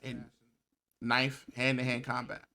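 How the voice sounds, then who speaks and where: A man's voice: mid-range voice, monotone, measured pace, gravelly, bright, forceful tone. A man ranting in an opinion vlog as commentator, sarcastic and heated.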